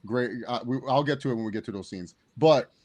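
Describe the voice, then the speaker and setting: A man chatting casually as a podcast co-host, excitable and animated as he reviews a movie. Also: medium pitch, quick pace. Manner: excitable, animated, acts out quotes.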